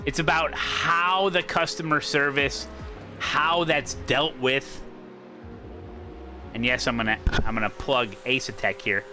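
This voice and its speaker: A man hosts a sim racing livestream with music in the background, chatting casually and rambling, interrupting himself and circling back to repeat his points. His voice is medium-pitched with fairly even intonation and a measured pace.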